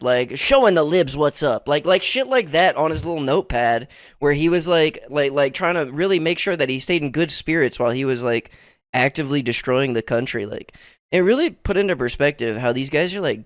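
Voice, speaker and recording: A man's voice: medium pitch, expressive, a little fast, dry recording. Chatty man with a dry close sound. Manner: rambling, filler-heavy, swears. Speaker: podcast co-host. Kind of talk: casual chat.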